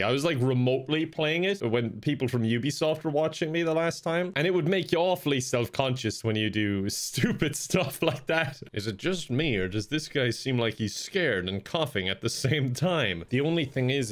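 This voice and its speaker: A young Irish man giving self-deprecating, comedic commentary while playing a game at his home desk, laughing often. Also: medium pitch. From Ireland. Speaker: gaming YouTuber.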